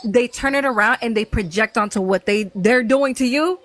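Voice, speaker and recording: A woman's voice: fairly high pitch, moderate pace, fairly bright tone. A woman in her thirties chatting earnestly on a live panel, stacking emphatic repeated phrases. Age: 30s. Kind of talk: casual chat on a live panel.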